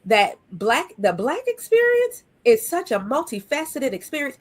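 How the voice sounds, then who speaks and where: A woman guest on an interview, a nonprofit founder, talking in an emphatic, animated way with punchy repeated phrases. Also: high-pitched, moderate pace.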